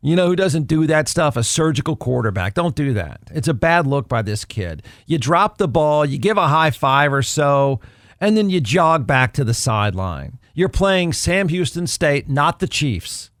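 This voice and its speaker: A snarky man gives solo sports commentary, talking like he is chatting with listeners and circling back to the same point for emphasis. His voice sits a little high for a man, and the recording is dry and close with no room sound. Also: lively intonation, measured pace, a bit bright, no room sound. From Texas. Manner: snarky, conversational, repeats himself for emphasis. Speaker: podcast host.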